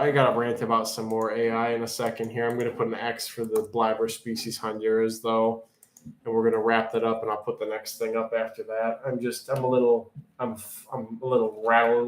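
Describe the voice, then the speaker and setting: A man hosting a live-streamed auction in casual chat, rambling and joking as he reads out the chat. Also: mid-range voice. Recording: echoey room.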